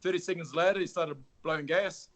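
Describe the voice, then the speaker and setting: A man's voice: a little high, steady tone, a little fast, a bit bright. Laid-back man from New Zealand. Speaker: interview guest, fighter. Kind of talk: casual chat.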